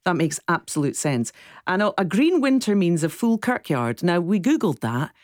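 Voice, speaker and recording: A woman's voice: fairly low pitch, sing-song, moderate pace, dry recording. A woman presenting a radio show in casual, bubbly chat from a studio mic. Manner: bubbly and effusive. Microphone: studio microphone.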